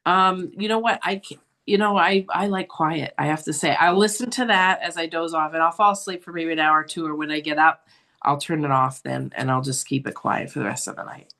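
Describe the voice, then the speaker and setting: A woman co-hosting a podcast, talking calmly and thoughtfully in casual chat. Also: deep voice, a little fast. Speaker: podcast co-host.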